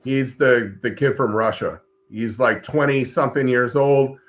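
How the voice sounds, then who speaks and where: A middle-aged man with an ordinary mid-range voice cohosts a casual talk show. He tells stories bluntly and calmly and swears freely. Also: medium pitch, unhurried. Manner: relaxed, blunt, profane storytelling. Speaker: co-host. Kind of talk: casual chat.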